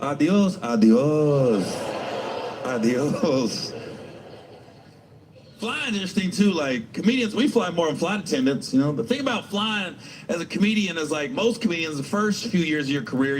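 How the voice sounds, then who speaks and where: A man's voice: high-pitched, background noise. A middle-aged male stand-up comedian telling profane, rambling stories full of restarts.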